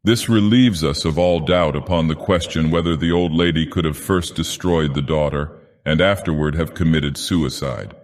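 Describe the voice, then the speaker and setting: Male actor as a brooding divine villain narrating a tale, very low voice, long cavernous reverb. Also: normal speed, hardly any pauses. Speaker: audiobook narrator. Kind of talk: storybook narration in character.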